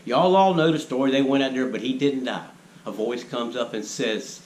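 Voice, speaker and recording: A man's voice: mid-range voice, very animated, moderate pace. A man giving a preachy monologue, lecturing the viewers and firing rhetorical questions at them. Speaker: vlogger. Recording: echoey room with faint ambient noise.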